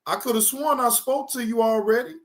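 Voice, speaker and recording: A man hosting a reaction video, commenting loudly and casually in slang. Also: very high-pitched, a little fast. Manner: loud, exclaiming, slangy. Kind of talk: casual commentary over clips.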